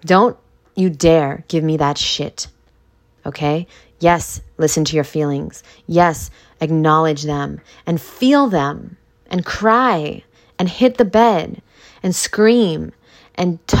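A woman's voice: on the low side, slow pace. A woman hosting a motivational podcast who talks in a blunt, emphatic, profane way. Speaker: podcast host.

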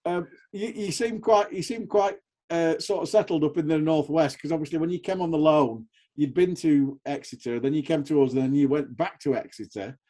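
Man asking teasing questions, mellow tone. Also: fairly high pitch, moderate pace. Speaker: interviewer. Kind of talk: casual interview.

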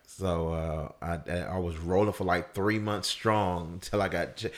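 A man in casual conversation telling a personal story, loose and full of fillers, his voice leaping high when he acts out people shouting. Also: moderate pace, hardly any pauses. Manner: animated storyteller, voice jumps up high for quoted shouts. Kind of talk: casual chat.

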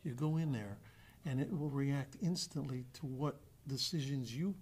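A man telling a guest anecdote in an animated way, acting out the voices of the other people with frequent restarts. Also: medium pitch, moderate pace, slightly rough. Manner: acts out quoted dialogue with restarts. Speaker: actor guest.

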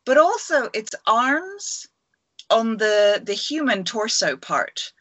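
A woman's voice: a little high, big pitch swings, slow, a bit bright, no room sound, dull audio. A woman co-hosting a casual podcast over a video call, rambling enthusiastically through a creature legend with many fillers. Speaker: podcast co-host. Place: at home.

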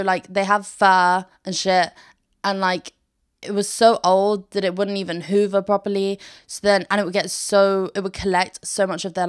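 A woman's voice: mid-range voice, clean tone. A young woman hosting a podcast in casual chat, bubbly and oversharing, laughing often between her sentences. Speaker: podcast host. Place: bedroom, sitting on the floor.

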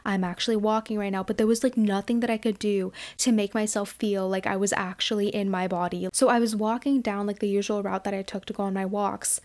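A woman's voice: medium pitch, fairly even intonation, fairly quick, hardly any pauses, darkish tone. A woman in her twenties hosting a podcast, telling a personal story in a casual, rambling way with lots of filler words and swearing. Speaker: podcast host.

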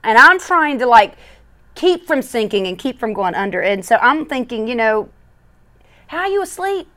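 A woman co-hosting a casual faith podcast into a studio mic, acting out scenes with many restarts. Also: a little high. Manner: animated, acts out scenes, quick restarts. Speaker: podcast co-host. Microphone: studio microphone.

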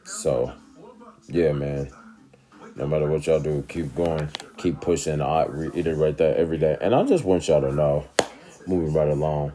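This man's bass voice is dark in tone and moves at a moderate pace. As a vlogger addressing the camera casually, he rambles along in a relaxed way and keeps asking viewers "you know what I'm saying."

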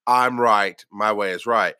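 A man's voice: on the low side, unhurried, pushed and bright, smooth, no room sound, clean studio sound. A former paramedic telling his own story in a casual way, rambling and poking fun at himself, with lots of restarts. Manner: rambling and self-deprecating, with many restarts.

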